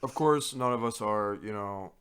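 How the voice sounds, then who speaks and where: A man co-hosting a podcast, telling a story in a casual, animated and profane way. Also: lowish voice, clear, resonant tone. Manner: animated, profane, quick to act out others. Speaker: podcast co-host.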